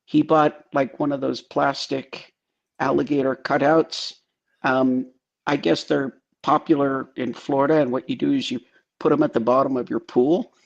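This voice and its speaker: A man co-hosting a political live stream, rambling and halting through anecdotes, heard over a remote call. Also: mid-range voice, little pitch movement, vocal fry, highs cut off.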